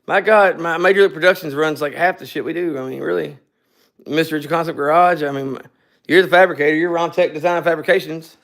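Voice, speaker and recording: Gravelly man chatting loosely on a stream. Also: on the high side, steady tone, fast, a bit bright. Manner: loose, joking, rambling. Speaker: co-host of a scooter garage live stream. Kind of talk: casual live-stream chat.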